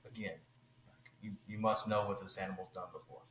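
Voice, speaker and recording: A man telling a hunting story on a podcast, animated and loose, full of "like" and "you know". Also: sits low, a little fast, echoey room, a little hiss or hum, poor audio. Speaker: podcast guest.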